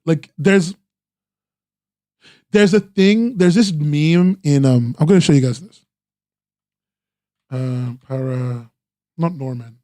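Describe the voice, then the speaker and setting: Man, casual stream commentary, rambling, slightly high voice, mellow tone. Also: slow, long pauses, no room sound, clean studio sound. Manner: rambling, full of "like" and restarts, eager praise. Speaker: streamer reviewing webcomics.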